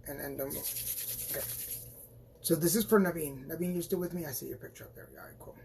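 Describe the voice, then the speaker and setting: Casual live-stream tarot reader, mid-pitched, rambling and encouraging, with playful asides. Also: fairly quick, creaky, darkish tone, a little hiss or hum. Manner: chatty and rambling, with frequent restarts and playful asides; encouraging and reassuring toward viewers.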